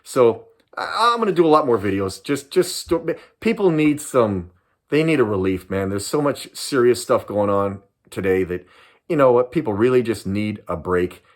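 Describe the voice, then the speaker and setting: A man's voice: medium pitch, expressive, normal speed. An older man from Southern California, a retired police sergeant, telling a story to camera in a casual way. He repeats himself and keeps dropping in "man".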